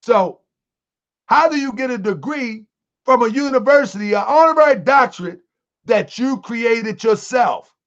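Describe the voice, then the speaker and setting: A man hosting an online livestream, commenting to his viewers in a preachy, animated way. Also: extremely high pitch, unhurried. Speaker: host of an online show. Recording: dull lo-fi sound.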